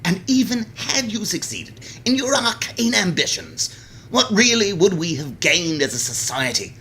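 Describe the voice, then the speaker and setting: A man's voice: high-pitched, sing-song, measured pace, fairly bright tone, a little hiss or hum, pitched above the performer's own voice, heavily acted. A man voicing a stern, exasperated head of state with a pompous manner.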